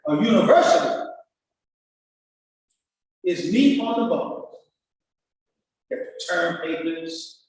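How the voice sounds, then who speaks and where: A man's voice: high-pitched, lively intonation, slow pace, long pauses, recorded from a distance. A male pastor teaching in an emphatic, repetitive, folksy preaching manner. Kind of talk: sermon-style teaching talk. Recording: very echoey church hall, heard from afar.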